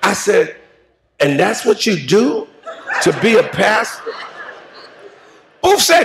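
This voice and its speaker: A man preaching a funeral eulogy in a call-and-response style, moving into shouts and half-sung lines. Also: high-pitched, wildly swooping pitch, takes it slowly, long pauses, background noise. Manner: preaching cadence, rising to shouts and sung phrases. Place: large church sanctuary.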